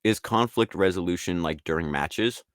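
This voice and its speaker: This podcast guest, an artist and league founder, has a voice that sits low and moves at normal speed, captured in a dry, clean studio recording. His interview talk is casual, rambling, and animated, with quotes from others performed in different voices.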